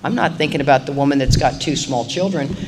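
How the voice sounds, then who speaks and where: Animated woman speaking in a reverberant hall. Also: deep voice, fast talker. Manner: animated, acts out little dialogues. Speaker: AA meeting speaker. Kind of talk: recovery talk to a live audience. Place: meeting hall. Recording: reverberant live hall recording, faint hiss.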